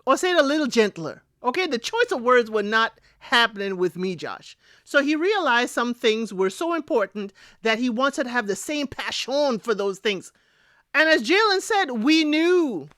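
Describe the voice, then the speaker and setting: A woman's voice: normal speed, few pauses, no echo, clean studio sound. Sassy woman recapping reality TV. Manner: sassy, talks straight to viewers, animated swings in pitch. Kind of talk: casual solo recap commentary.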